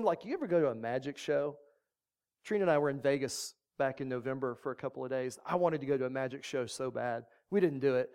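Relaxed, joking preacher who teaches from scripture in a chatty way. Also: mid-range voice. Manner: casual, joking, conversational. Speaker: pastor. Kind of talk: sermon with Bible reading.

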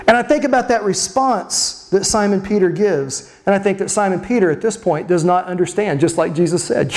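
A preacher giving an expressive sermon at a mid-range pitch. Key words are drawn out slowly for drama, and rhetorical questions are put to the listeners.

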